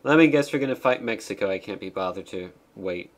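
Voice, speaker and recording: A man streaming a game, giving casual commentary with wry, deadpan asides as he reads the game's text aloud. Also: lowish voice, brisk, faint music behind.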